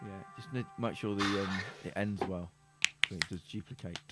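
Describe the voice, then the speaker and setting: A man with a low voice talks in a relaxed, dry way while producing music. Loud music plays behind him the whole time. The chat is casual and easygoing. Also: fairly quick. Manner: laid-back, dry teasing, talks through production tips. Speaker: musician co-host.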